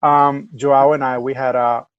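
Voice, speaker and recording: A man's voice: mid-range voice, flat delivery, a little slow, muffled recording. A man co-hosting a casual remote podcast, telling a rambling story full of fillers and restarts. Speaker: podcast co-host. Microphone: remote call mic.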